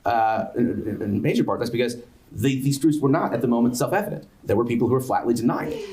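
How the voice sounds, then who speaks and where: A man giving an academic lecture, halting, with many fillers and restarts. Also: mid-range voice, lively intonation, a little mellow. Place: lecture event.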